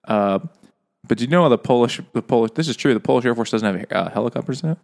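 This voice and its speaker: Male podcast co-host, gravelly voice, loose profane joke-teller, casual chat. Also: mid-range voice, animated, fast talker. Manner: rambling joke-teller, profane, laughs at own jokes. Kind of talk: casual chat over beer.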